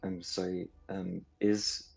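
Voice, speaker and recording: A man at a tabletop game asking careful, hesitant questions. His voice is very low and gravelly, with a dark, mellow tone and flat intonation. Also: slow, soft background music. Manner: hesitant, polite, many fillers. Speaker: player.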